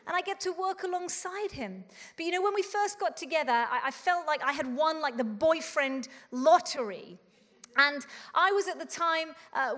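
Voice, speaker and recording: A woman in her forties with a high, slightly bright voice gives a conference talk that is earnest, humorous, and self-deprecating. Her voice carries a long hall reverb.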